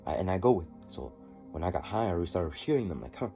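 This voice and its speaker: Deep-voiced man rambling over music. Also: sing-song, creaky, mellow. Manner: halting and rambling, with many restarts and fillers. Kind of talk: personal diary vlog, recounting an experience.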